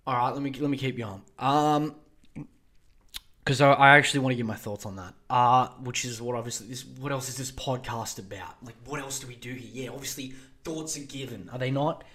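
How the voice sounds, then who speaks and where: A man's voice: medium pitch, steady tone, fairly quick, bright, forceful tone. Sarcastic man ranting crudely. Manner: sarcastic, crude and mocking, with repeated insults. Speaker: podcast host. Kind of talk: profane comedic rant. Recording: echoey room.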